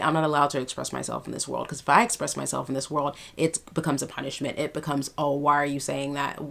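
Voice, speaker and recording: A woman's voice: low-pitched, vocal fry, a bit bright. A young adult woman vlogger telling a personal story in a casual, emphatic way, full of fillers.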